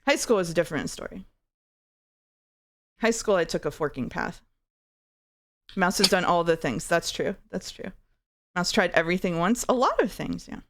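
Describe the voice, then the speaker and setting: A streamer hosts a guest for music guessing games, and the chat stays loose, with plenty of jokes and giggles. She speaks at normal speed in a lowish, animated, somewhat bright voice, pausing often.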